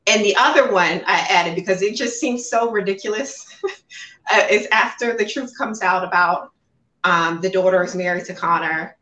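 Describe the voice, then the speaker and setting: A woman's voice: medium pitch, normal speed, sharp tone, far from the mic. Woman in an echoey room, a bit off-mic. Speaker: podcast co-host. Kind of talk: casual chat.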